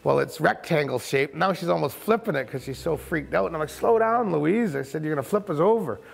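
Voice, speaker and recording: A man who runs a kayak camp and tour boat, telling a first-person story in a vivid, colloquial way with quick asides. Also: a little high, gravelly.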